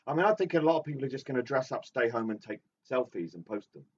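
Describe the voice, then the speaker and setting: A playful man co-hosting a loose live stream, his pitch swinging widely as he jumps into sudden loud bursts. He sounds set back from the mic, and the sound is dull and lo-fi. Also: big pitch swings, fast, breathy edge, far from the mic. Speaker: co-host. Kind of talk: casual live-stream banter.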